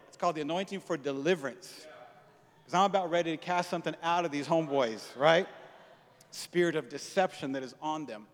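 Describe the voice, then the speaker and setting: Brief: man preaching a sermon, slangy storyteller, a bit high-pitched, long hall reverb. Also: fairly quick. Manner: animated storytelling, acting out dialogue, casual slang. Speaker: pastor.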